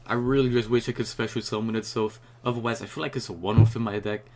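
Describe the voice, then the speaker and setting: A young man ranting casually and excitedly about a new card, rambling and swearing often, just after waking up. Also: lowish voice, fast talker, background noise. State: just woke up. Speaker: YouTuber reviewing a card.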